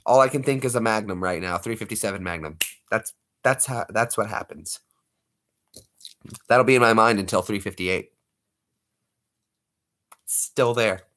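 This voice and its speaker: A man's voice: fairly low pitch, unhurried, pauses often, a bit bright. A man hosting a late-night livestream, chatting with viewers in a playful, joking way. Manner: playful, jokey, slips into put-on accents. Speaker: livestream host.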